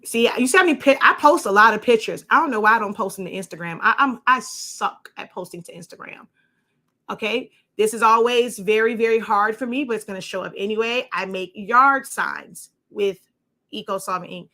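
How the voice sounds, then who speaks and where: Bright-voiced woman giving a chatty craft tutorial. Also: medium pitch, fairly quick. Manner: chatty, rambling, with many fillers and asides. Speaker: crafting instructor. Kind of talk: casual show-and-tell tutorial.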